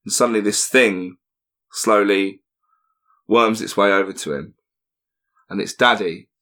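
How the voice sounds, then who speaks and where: A man's voice: on the low side, unhurried, bright, forceful tone. A man co-hosting a podcast, joking, laughing and swearing freely in casual chat. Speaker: podcast co-host, comedian.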